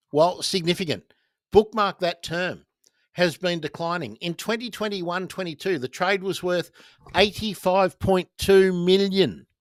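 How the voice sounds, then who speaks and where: A man's voice: high-pitched, measured pace, no room sound, clean studio sound. A man with an Australian accent hosting a casual livestream, talking bluntly, swearing and reading viewer comments aloud. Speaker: livestream host.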